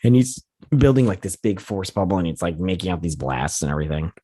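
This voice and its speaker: A man's voice: deep voice, expressive, fast, dark tone, husky, no room sound, studio quality. A sleepy man hosting a TV review channel, casually retelling an episode in a rambling, self-correcting way and often unsure of details. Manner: rambling, loose retelling full of "he's like" and "and everything". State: sleepy, yawning.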